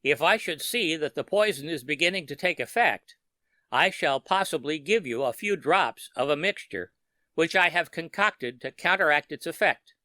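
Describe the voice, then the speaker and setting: A man voicing a sinister male wizard who speaks in a slow, menacing and precise way. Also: a little high, expressive, sharp tone, no room sound, clean studio sound.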